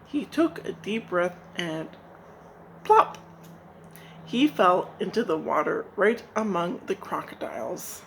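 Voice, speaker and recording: Woman from Nigeria reading a folk tale, slow and gentle, soft hiss behind. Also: lowish voice, very animated, vocal fry, poor audio. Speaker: storyteller. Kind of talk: storybook narration.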